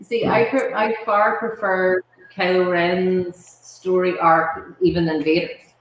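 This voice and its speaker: A woman in a casual chat, thoughtful and hesitant, pausing with ums. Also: lowish voice, little pitch movement, dull audio, slight background noise. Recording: very echoey room.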